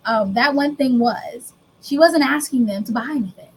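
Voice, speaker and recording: This is a woman presenting a business workshop, her voice sitting slightly higher than most. She keeps it conversational and animated. She often drops into playful acted-out exchanges with her clients. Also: moderate pace, husky, low-quality recording. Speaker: business coach and speaker.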